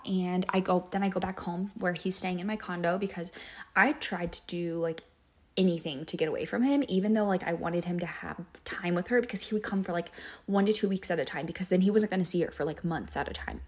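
Candid low-voiced woman telling her story. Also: darkish tone. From Kansas. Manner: candid, emotional, many "like" fillers. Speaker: podcast host and business owner. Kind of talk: personal storytelling monologue.

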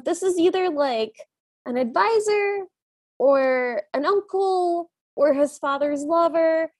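A woman's voice: extremely high pitch, slow pace, darkish tone, no room sound. A woman co-hosting a podcast, casually recapping a film in a chatty, giggly way and acting out the scenes as she goes. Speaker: podcast co-host.

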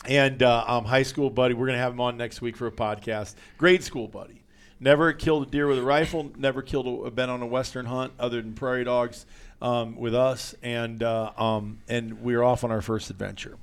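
A man's voice: mid-range voice, a little fast, clean tone. A man co-hosting a casual hunting podcast, telling stories and acting out what people said. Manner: animated storyteller acting out quotes. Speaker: podcast co-host.

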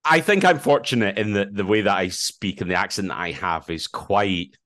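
A man with a Scottish accent, a podcast co-host answering interview questions loudly and slowly. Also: on the low side, no room sound. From Scotland. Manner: loud and slowly spoken.

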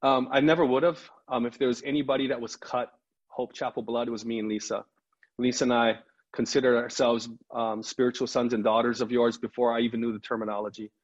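A man's voice: mid-range voice, brisk. A middle-aged man, a pastor, telling a story in a podcast interview and acting out the voices of the people in it. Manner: animated storyteller who acts out quoted dialogue. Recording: slightly muffled lo-fi recording.

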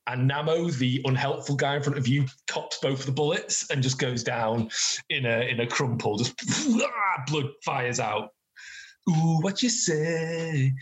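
A man's voice: mid-range voice, moderate pace, a bit bright. A man narrating a tabletop role-playing session as its game master. His delivery is playful and full of laughter. His voice sits in an ordinary middle range.

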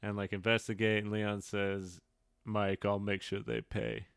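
Man, podcast co-host, smooth clear voice, dry close mic, measured and easygoing. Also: fairly low pitch, little pitch movement, dry recording. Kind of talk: casual podcast chat.

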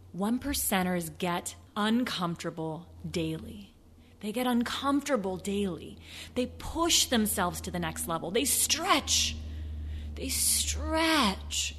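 A woman hosting a motivational sales podcast, animated, acting out excuses in a high mocking voice and sometimes dropping to a soft near-whisper. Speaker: podcast host, sales coach. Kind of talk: motivational solo podcast talk.

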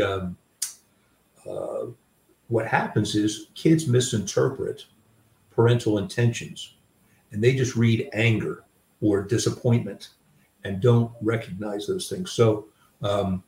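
Picked up by a distant mic in a roomy space with slight hiss or hum, an older guest author tells personal stories. His voice sits on the low side and is a little mellow, and his reflective conversation is full of fillers.

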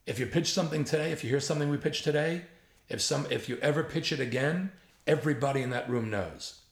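Fast and fairly high-pitched, this man in his seventies, a comedy writer, tells casual stories full of imitations and frank swearing. His manner is lively, and there's reverb in the space.

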